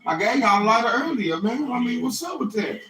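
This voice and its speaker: A man's voice: extremely high pitch, sing-song, fairly quick, echoey room, crowd noise, low-quality recording. A middle-aged man giving a rambling, profane spiritual monologue that keeps checking in with "you hear me?". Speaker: self-styled religious messenger.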